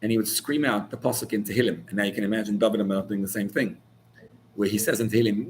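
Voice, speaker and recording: A man's voice: on the low side, fast talker, slight background noise. A man, a rabbi, giving an informal Torah class in a searching, conversational way, full of restarts, that builds to heated emphasis on key words.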